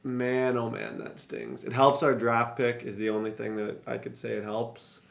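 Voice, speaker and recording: A man's voice: mid-range voice, animated, normal speed, vocal fry. A young man with a mid-range voice talks through his football game in casual gameplay commentary. He rambles, vents his frustration and speaks straight to his viewers as he goes. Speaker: gaming YouTuber.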